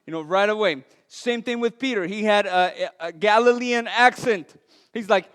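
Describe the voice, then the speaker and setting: A man with a Latin American accent, speaking English as a non-native, preaches a sermon in a church sanctuary, mixing earnest storytelling with light self-deprecating humor. His clear, resonant voice moves a little slowly and drops soft and low on the weighty lines. The recording has the long reverb of a church hall.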